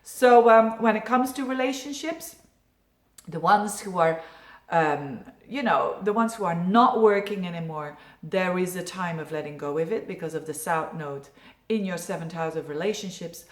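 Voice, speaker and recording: A woman's voice: on the low side, reverberant. Chatty woman giving an astrology forecast. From Belgium. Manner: chatty and reassuring, with fillers. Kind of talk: casual horoscope video.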